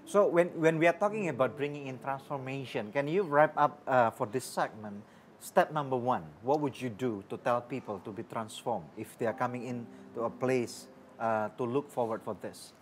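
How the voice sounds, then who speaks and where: A man's voice: medium pitch, moderate pace, slight background noise. A man hosting an interview, asking questions with short encouraging affirmations. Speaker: host.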